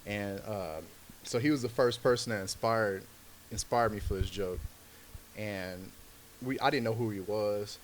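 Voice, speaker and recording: A man's voice: on the low side, measured pace, slight background noise. A man, a comedian guest on a podcast, telling a story in loose, slangy talk full of filler words. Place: podcast studio.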